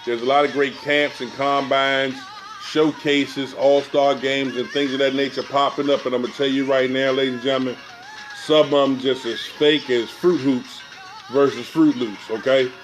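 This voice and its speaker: A man hosting a sports talk show, delivering a preachy, animated monologue straight to his audience in loose, colloquial speech that keeps repeating phrases. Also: mid-range voice, normal speed, soft background music.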